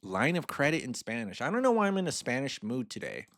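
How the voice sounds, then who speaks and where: A man's voice: medium pitch, sing-song, quick pace, a bit bright, slight background noise. A man giving a casual screen-share finance lesson, chatty, with playful asides and chuckles. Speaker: financial mentor.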